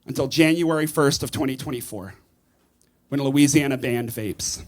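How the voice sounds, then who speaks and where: Speaking at a medium pitch and moderate pace, a man does stand-up in a club, animated and shouting the punchlines. It is a live recording through a stage mic, with the audience heard in the background.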